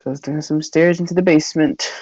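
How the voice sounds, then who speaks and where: A woman's voice: low-pitched, steady tone, fairly quick, darkish tone, dry recording, highs cut off. A woman narrating casually as game master in a tabletop game. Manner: casual, loose, profane.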